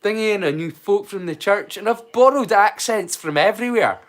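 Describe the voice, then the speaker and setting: A man with a high-pitched, lively voice at normal speed hosts a casual live-stream watch-along. His Scottish accent is mixed and borrowed from many places, and he rambles chattily while answering his viewers' chat directly.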